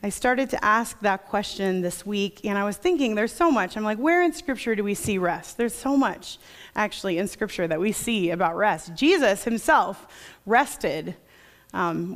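A woman preaching a sermon to a congregation in a conversational way, reading scripture quietly and reflectively. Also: mid-range voice, animated, moderate pace.

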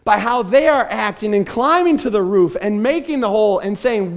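A man's voice: sits high, animated, normal speed, hardly any pauses. A man preaching a sermon from a church stage, telling the story with animation and acting out the voices of the people in it. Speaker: pastor.

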